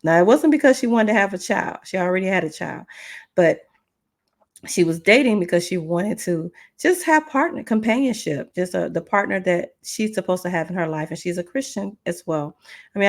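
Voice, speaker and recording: A woman who works as a relationship coach hosts a podcast, telling a story casually and with animation while addressing her listeners directly. Her voice is lowish.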